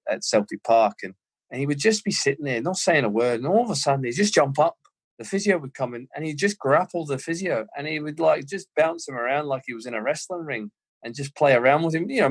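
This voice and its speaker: An Australian man in his thirties, a former footballer, telling lively anecdotes as a guest in an interview. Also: medium pitch. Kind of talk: casual storytelling interview.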